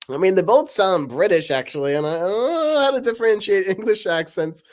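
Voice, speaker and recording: A woman's voice: on the low side, lively intonation, moderate pace, hardly any pauses, a little mellow. A woman chatting casually and answering viewer voice requests, giggling and rambling between them. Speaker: voice-request streamer. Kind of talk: casual Q&A chat.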